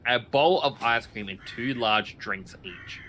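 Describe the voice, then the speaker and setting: A man's voice: mid-range voice, measured pace, slight background noise. A man chatting casually on a livestream, telling a long anecdote and acting out the voices of the people in it. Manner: animated anecdote teller, acts out quoted voices. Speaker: stream guest. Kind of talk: casual storytelling chat.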